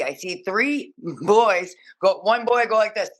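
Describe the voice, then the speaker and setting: A woman, a podcast guest telling stories in an animated, profane, rapid-fire way. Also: medium pitch. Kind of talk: casual storytelling interview.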